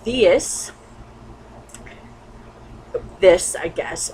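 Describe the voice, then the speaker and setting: A woman's voice: a little high, animated, unhurried, background noise. A woman reading bad fan fiction aloud for laughs, often breaking into giggles and exasperated asides. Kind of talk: comedic dramatic reading with commentary.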